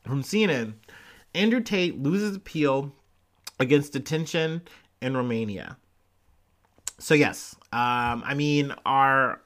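A man's voice: fairly high pitch, measured pace, a bit bright, clear, resonant tone. A man casually hosting a news commentary, loose and profane, rambling with lots of fillers. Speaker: commentary host.

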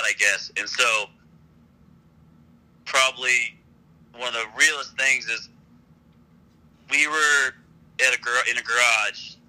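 Man, very bright tense voice, rambling, laid-back storyteller, podcast guest. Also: mid-range voice, poor audio. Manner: laid-back, rambling, laughs while telling stories. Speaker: podcast guest, brand founder. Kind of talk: casual interview storytelling.

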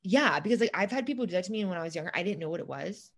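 Woman, lower voice, casual gossip chat, rambling, chatty. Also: animated, racing, vocal fry. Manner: chatty, rambling, many fillers and restarts. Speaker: podcast co-host.

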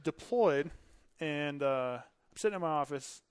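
A man in his thirties tells stories in a relaxed way, acting out the other people's lines and laughing often. His voice sits a little high and sounds smooth and resonant. The recording is close and dry. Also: unhurried, no room sound. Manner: laughs often while telling stories, acts out dialogue. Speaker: podcast guest, Air Force veteran. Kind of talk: casual storytelling.

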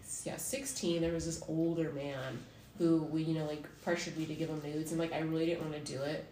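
A woman's voice: low voice, little pitch movement, a little fast, warm tone. Give me a woman podcast host chatting casually, laughing a lot and swearing, in a roomy echoey space with faint background noise. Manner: laughs often and swears freely. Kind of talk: casual chat.

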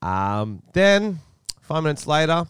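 Australian guy, 30s, podcast co-host, animated storyteller who swears freely, smooth resonant voice, dry close mic. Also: on the high side, takes it slowly, dry recording. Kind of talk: casual podcast chat.

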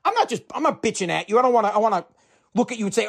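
A man's voice: sits high, big pitch swings, very fast, vocal fry, husky. A man delivering a heated, profane political rant, fired up and repeating himself.

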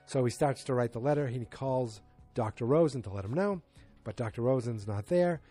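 A man casually retelling a TV episode in a rambling, halting way. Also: mid-range voice, warm tone, faint music behind. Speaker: TV episode recapper. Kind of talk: casual spoken episode recap.

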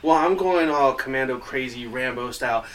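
A man playing a tabletop role-playing game, chatting in a playful, animated way. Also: medium pitch, moderate pace, crowd noise. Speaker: player. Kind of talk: casual tabletop play. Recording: distant mic with loud music.

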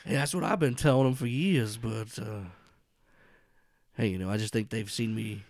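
A man voicing a genial, soft-spoken old man with a quiet menace behind the friendliness, in a tabletop game podcast. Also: on the low side, moderate pace, no room sound, studio quality, close to an everyday voice. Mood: friendly.

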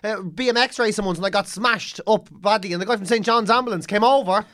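A man, a comedian and podcast host, telling a funny story with lots of swearing and loud re-enacted shouts. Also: sits high, fast talker. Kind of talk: comic storytelling.

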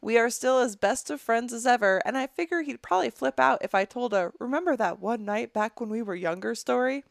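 A woman's voice: fairly high pitch, lively intonation, fairly quick, creaky, hardly any pauses, no room sound. A young woman co-hosting a casual podcast in a studio, reading a listener's letter aloud and breaking off into blunt, profane, disgusted commentary. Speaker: podcast co-host.

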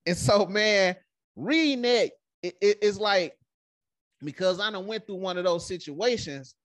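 A man hosts a laid-back faith podcast in a fairly high voice, recorded dry and close. He talks animatedly, peppering his speech with "man" and giving scripture a preacherly lift. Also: measured pace, dry recording. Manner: animated, fills sentences with "man", preacherly emphasis. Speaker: podcast host. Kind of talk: casual faith podcast chat with prayer and scripture reading.

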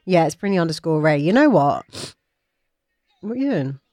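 A woman's voice: low-pitched, sing-song, normal speed, a little mellow, no echo, clean studio sound. A young woman with a congested voice, co-hosting a podcast and telling stories with swearing and laughter. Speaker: podcast co-host. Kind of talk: casual chat.

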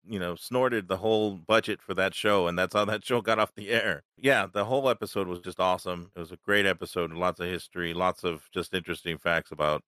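Relaxed podcast host with a lowish voice. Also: male voice, fairly quick, few pauses, dry recording, studio quality. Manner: relaxed, chatty, upbeat. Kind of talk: casual podcast chat.

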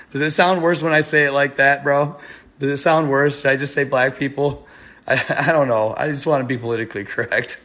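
A man's voice: fairly high pitch, a bit bright. Rambling slangy young man chatting. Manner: rambling, slangy, laughs often. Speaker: streamer chatting with viewers. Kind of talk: casual live-stream chat.

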